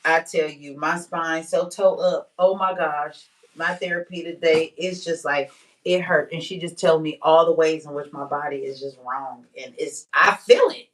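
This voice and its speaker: A woman speaks in a casual personal monologue, candid and emphatic, with plenty of slang. She slows down to drive home her points. Her voice sits a bit back from the microphone, with a touch of distance. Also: low voice, steady tone. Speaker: vlogger.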